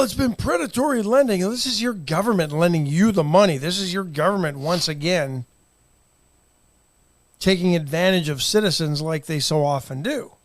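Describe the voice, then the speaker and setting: A Texan man co-hosts a casual morning talk show from a studio, holding forth with strong opinions. His voice sits a little high for a man. The sound is close and dry, with no room around it. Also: no echo. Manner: opinionated, conversational, quick to laugh.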